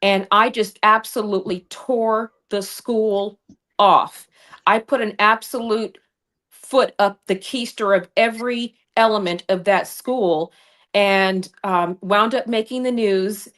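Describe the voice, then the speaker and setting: A woman's voice: medium pitch, steady tone, slow pace, fairly bright tone. A woman running for Congress, a guest on a livestream, telling her story in a fiery, combative way. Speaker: congressional candidate. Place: home studio over streaming video call. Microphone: remote streaming mic.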